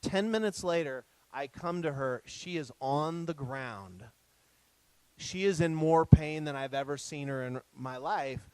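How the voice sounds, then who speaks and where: A man giving a guest talk, a lively storyteller recounting family mishaps with humor. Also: fairly high pitch, unhurried, clean tone, no room sound, poor audio. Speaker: guest speaker. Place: retreat center talk.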